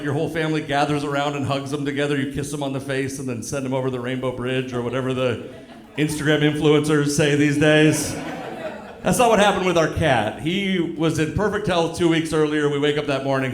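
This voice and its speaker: A male stand-up comedian telling a story on stage, dry and deadpan, acting out the other people in it. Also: on the high side, fairly quick. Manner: deadpan storytelling with acted-out quotes. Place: comedy club stage with live audience. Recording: echoey live club room.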